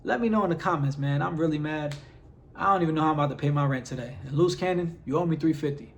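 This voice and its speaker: A man's voice: fairly high pitch, rapid-fire, a little hiss or hum. A man vlogging straight to his followers, exasperated and firing off rhetorical questions with lots of "like" fillers. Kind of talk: direct-to-camera vlog rant.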